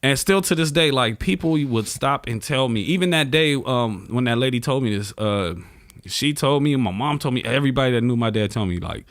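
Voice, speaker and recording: A man, a comedian, talks casually on a podcast in an animated, slangy storytelling way and curses freely. His voice sits in an ordinary middle register. The recording is dry and close, with no room echo. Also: medium pitch, a little fast. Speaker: comedian guest.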